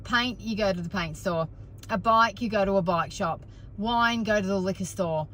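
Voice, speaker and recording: A woman's voice: mid-range voice, moderate pace, a bit bright. An enthusiastic, talkative Australian woman chatting casually to camera.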